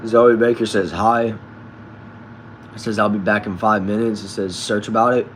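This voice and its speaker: A man casually hosting a live stream from a backyard shed, reading viewers' comments aloud and answering them in a relaxed way. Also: lowish voice, normal speed, slight background noise. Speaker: livestream host reading chat.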